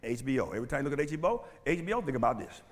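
Animated preaching man in a reverberant hall. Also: mid-range voice, very fast. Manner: animated preaching with call-and-response questions. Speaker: pastor. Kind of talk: sermon. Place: church sanctuary. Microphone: handheld or stand mic.

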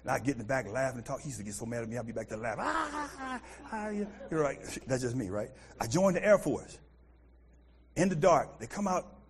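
A middle-aged American man preaching a sermon as pastor, animated, swinging from loud outbursts to quiet asides. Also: medium pitch, fast talker. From United States.

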